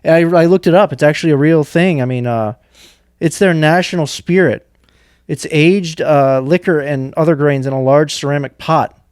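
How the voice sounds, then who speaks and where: A man's voice: a little high, normal speed, a little mellow, clear, resonant tone, no echo, studio quality. A man co-hosting a podcast, reviewing a movie in casual, rambling chat and laughing often. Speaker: podcast co-host.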